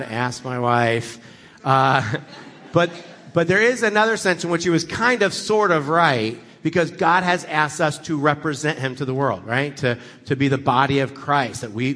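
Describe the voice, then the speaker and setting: A man preaching as a guest speaker, telling a story with lively acted-out dialogue. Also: mid-range voice, big-room sound. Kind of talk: storytelling sermon.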